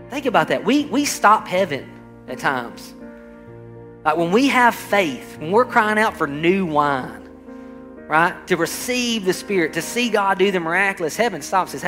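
In an echoing church hall with faint music, a man preaches a sermon in a high, animated, sharp voice at normal speed. He is emphatic, calling out to his congregation and acting out quoted voices.

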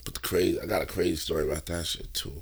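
Low-voiced laid-back man. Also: fairly even intonation, racing, slightly rough. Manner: laid-back, repeats phrases, lots of fillers. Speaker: podcast co-host. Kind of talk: casual chat.

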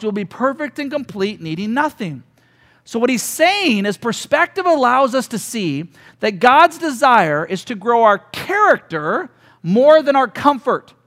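A middle-aged man with a very high voice delivers a sermon as a pastor. He preaches earnestly and slips into storytelling, acting out the lines of the people in his tale. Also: a bit bright.

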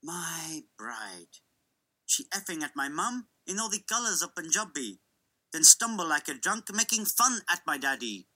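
A woman's voice: sits low, sing-song, unhurried, bright, forceful tone, exaggerated voice, low-quality recording. A woman reading a poem aloud, voicing a playful young male shopkeeper with a sing-song, rhythmic delivery. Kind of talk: dramatic poetry reading.

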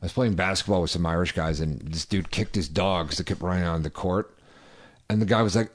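Low-voiced crude podcast co-host. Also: male voice, fairly quick. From Boston. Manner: crude, deadpan banter. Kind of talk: casual chat.

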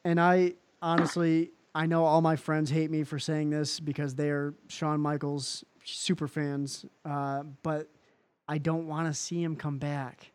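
A man's voice: on the high side, unhurried, smooth. Chatty man hosting a wrestling podcast. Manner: animated, rambling with fillers. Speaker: podcast host. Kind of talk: casual podcast chat.

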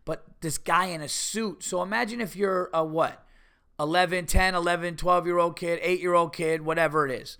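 A middle-aged man tells a long, meandering story on his podcast. His voice sits a little high, with a gravelly fry underneath. He keeps doubling back and restarting his sentences as he goes. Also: moderate pace. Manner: rambling, animated, with many restarts and mock voices. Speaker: podcast host. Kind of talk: casual storytelling.

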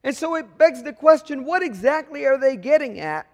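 A man's voice: very high-pitched, lively intonation, normal speed. A man preaching a sermon as pastor, conversational and full of rhetorical questions, acting out the voices he quotes. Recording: long reverb of a large hall.

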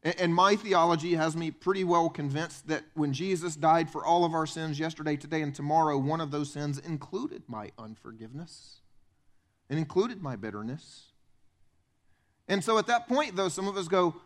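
A man preaching a sermon as pastor in a church, animated and conversational, acting out the voices of the people in his stories. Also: moderate pace. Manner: animated, acts out quoted voices with big pitch swings.

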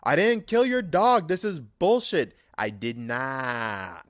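A man doing an impression of a famous filmmaker, delivering loud, halting, indignant denials in a raised voice. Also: fairly high pitch, pitched above the performer's own voice.

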